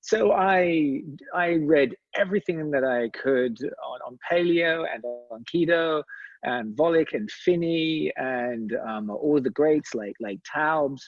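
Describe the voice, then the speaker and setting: A man's voice: fairly high pitch, takes it slowly, dry recording, highs cut off. A man in his forties, a company co-founder, speaking as a guest in an interview, hesitant with many fillers and restarts. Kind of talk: conversational interview.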